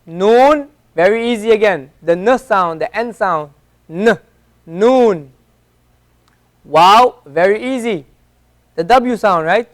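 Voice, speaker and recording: In a classroom at an Islamic center, a man teaches an Arabic lesson, patiently repeating each letter sound to show how it's pronounced. His voice sits high and sounds animated and fairly bright, and he takes his time.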